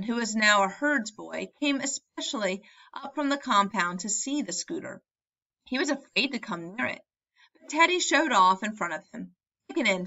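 A woman narrates a story in a measured, expressive reading. Her voice is bright and clear. The recording is dull and lo-fi. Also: medium pitch. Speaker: audiobook narrator. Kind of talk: audiobook reading.

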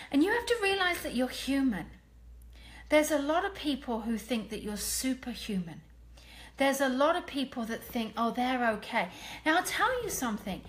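An English woman giving an earnest, emphatic live talk to fans, blunt and candid, with some mild swearing. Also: fairly high pitch. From England. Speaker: medium and clairvoyant. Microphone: phone or webcam.

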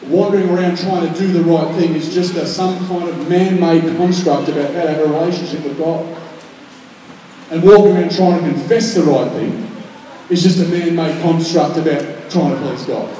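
Male pastor, high and mellow voice, conversational sermon, recorded from far off in a reverberant hall. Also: steady tone, moderate pace, slight background noise. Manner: conversational preaching, swings from quiet and intimate to loud and emphatic. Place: large church hall.

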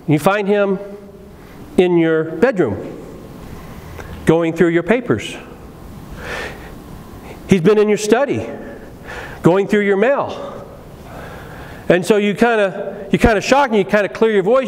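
Pastor guy preaching, high voice, chatty storytelling, lots of restarts, echoing church hall. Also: measured pace, long pauses. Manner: animated, conversational storytelling with restarts. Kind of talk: sermon. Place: church sanctuary. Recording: long reverb of a church hall.

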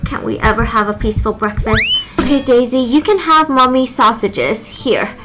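A tired, gentle mother from a doll story, voiced by a woman. She sighs and soothes in a fairly high voice, with soft music running underneath. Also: animated, normal speed, natural voice. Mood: weary. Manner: weary, soothing.

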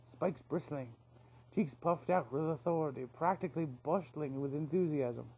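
A man narrating a novel aloud, reading in a steady, expressive storyteller manner. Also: on the high side, husky, muffled recording.

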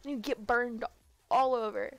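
A woman's voice: fairly high pitch, steady tone, normal speed, no room sound. A young woman streaming a game live, chatting casually with viewers, giggling and stumbling over her words. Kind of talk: casual live-stream chat while gaming.

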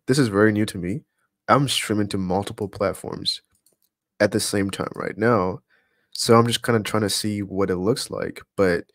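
Relaxed low-voiced man greeting chat live. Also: dry recording, studio quality. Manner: relaxed, chatty, laughs often, reads chat names aloud. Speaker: livestream host greeting chat. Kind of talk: casual live stream chat. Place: home streaming setup.

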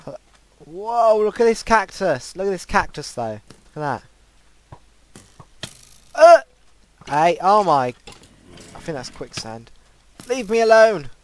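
Guy yelling and pleading at mobs while he plays, voice leaps all over the place. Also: high-pitched, takes it slowly, long pauses. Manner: excitable, panicky outbursts and repeated pleading. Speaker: gaming channel host. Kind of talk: Minecraft let's play commentary.

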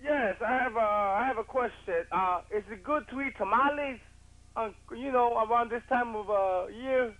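A man's voice: very high voice, moderate pace, fairly bright tone, low-quality recording. A man voicing a flustered, hesitant caller who gets confused. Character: flustered male caller with a question.

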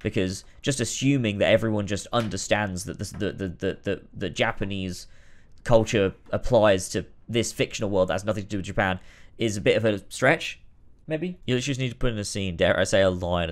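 A man streaming a game, rambling commentary that breaks into shouting rants. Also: low-pitched, fairly quick. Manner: rambling, many restarts, bursts into shouting rants. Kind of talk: casual let's-play commentary.

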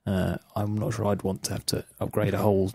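A man co-hosting a podcast, chatting casually with a wry, teasing edge. His voice sits a little low and sounds close and dry, with no room around it. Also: little pitch movement, a little fast, gravelly, a little mellow, slightly rough, no echo. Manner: wry, teasing, steers the running order. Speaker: podcast co-host. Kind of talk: casual chat.

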